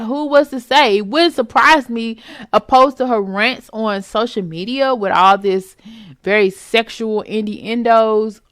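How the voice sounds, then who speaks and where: A woman's voice: a little high, no room sound, studio quality. A woman hosting her own vlog, giving her opinions in a casual, emphatic commentary and calling the listener "baby".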